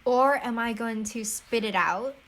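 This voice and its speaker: Chatty high-voiced teen girl. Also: measured pace, a bit bright, a little hiss or hum. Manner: chatty storyteller, heavy use of "like", often laughs. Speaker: podcast co-host. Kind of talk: casual chat.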